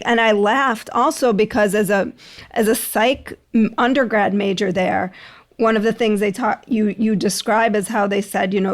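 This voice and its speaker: A woman's voice: mid-range voice, moderate pace. Woman hosting a podcast interview. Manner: animated, thinking aloud with restarts and frequent affirmations. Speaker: podcast host.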